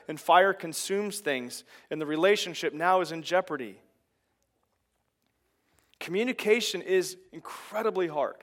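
A man with a fairly high voice, delivering a sermon as pastor. He preaches in a conversational but emphatic way, pressing his points with building intensity. He sounds middle-aged. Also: fairly bright tone.

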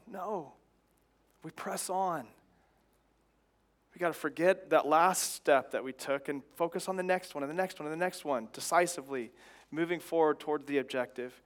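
A man in his thirties preaching a sermon in an earnest, exhorting way, pressing his points with repeated phrases. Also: fairly high pitch. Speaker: pastor.

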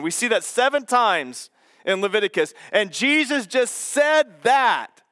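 A man's voice: very high-pitched, measured pace, dry recording, clean studio sound. A man preaching a sermon, teaching verse by verse and acting out the doubters' questions with expression. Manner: expressive, voices the skeptics' questions.

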